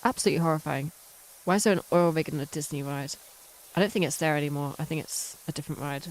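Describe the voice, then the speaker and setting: Low-voiced chatty British woman. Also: quick pace. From United Kingdom. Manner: chatty, rambling tangents, self-mocking. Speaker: streamer. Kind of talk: casual chat while playing a game.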